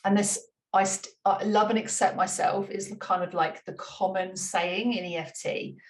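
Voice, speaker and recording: A woman walks through a tapping routine in easy, chatty talk, and she laughs at herself now and then. Her pitch sits in the middle range. She is recorded from some distance in a roomy, echoing space. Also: steady tone, normal speed. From United Kingdom. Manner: light-hearted, laughs at herself, repeats gentle instructions. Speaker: money mindset coach. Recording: roomy room, mic at a distance.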